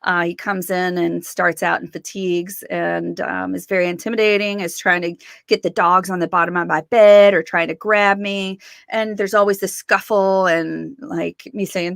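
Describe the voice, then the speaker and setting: Gravelly-voiced woman telling stories. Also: lowish voice, normal speed, dry recording, clean studio sound. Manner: animated, acts out quoted voices, laughs often. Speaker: guest. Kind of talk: casual storytelling interview.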